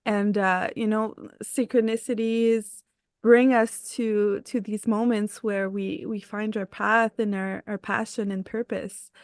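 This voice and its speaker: A woman's voice: mid-range voice, level tone, slow pace, darkish tone, clean tone, no echo, clean studio sound. A woman hosting a podcast interview, enthusiastic and readily agreeing with her guest. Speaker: podcast host. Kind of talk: casual interview chat.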